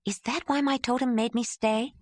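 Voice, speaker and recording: A woman narrator voicing an earnest young woman who speaks in short, halting sentences. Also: a little high, steady tone, no room sound, voice pushed up, lightly acted. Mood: resolute.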